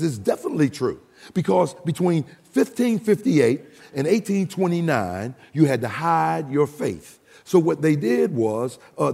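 Recorded in a large hall, a pastor preaches in a slightly high, creaky voice that is husky and dark in tone. He explains his points and calls on the congregation to repeat after him.

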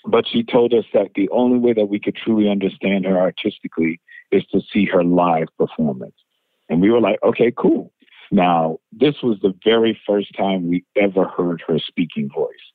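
A male musician being interviewed, telling anecdotes in an animated way, laughing and acting out what people said. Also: low voice, moderate pace, dry recording. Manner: animated storyteller, laughs, acts out quotes. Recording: tinny phone-like interview line.

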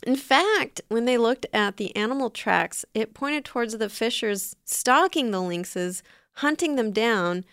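Smooth-voiced playful woman podcast host. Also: a little high, expressive, a little slow, a bit bright, dry recording, clean studio sound. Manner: playful, chatty, with frequent laughs and fillers. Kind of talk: casual chat.

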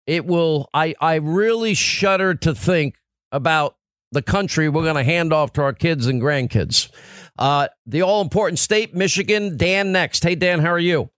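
A middle-aged man hosts political talk radio, pressing his points in emphatic, repeated lists. His voice sits fairly high for a man. It is recorded close on a dry studio microphone. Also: moderate pace, fairly bright tone, dry recording. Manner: emphatic, repetitive rhetorical lists. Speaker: radio talk show host.

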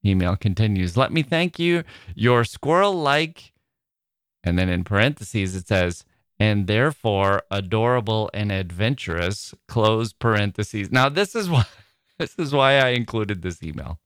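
A man with a fairly low, slightly bright and smooth voice hosts a literary podcast at normal speed, in a dry, studio-quality recording. He's playful and theatrical and often laughs at himself; one listener described his voice as squirrel-like.

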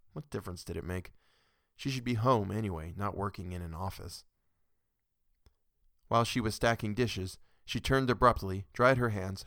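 A man narrating a short story in a steady, measured reading. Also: lowish voice, dry recording, studio quality.

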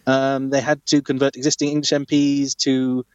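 A man co-hosting a comedy podcast, telling history with wry, deadpan asides. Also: mid-range voice, normal speed, clear, resonant tone, dry recording, muffled recording. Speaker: podcast co-host. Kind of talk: comic history storytelling.

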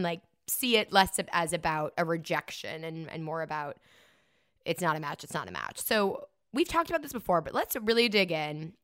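A woman co-hosting a podcast in casual chat. She talks in a lively way, laughs often, and acts out quotes. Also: lowish voice, clear, resonant tone, dry recording, clean studio sound. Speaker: podcast co-host.

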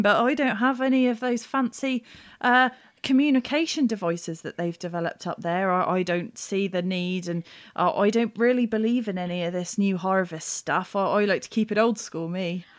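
A woman's voice: medium pitch, moderate pace, natural voice. A woman voicing a folksy, old-fashioned male farmer who talks in a homely, rambling way. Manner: homely, rambling, rustic turns of phrase.

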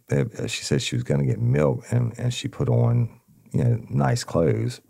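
A man's voice: extremely low pitch, moderate pace, gravelly, husky. A man, a podcast host and former detective, telling a crime story casually, acting out the dialogue and calling his listeners y'all. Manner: animated retelling with quoted dialogue, addresses listeners as y'all.

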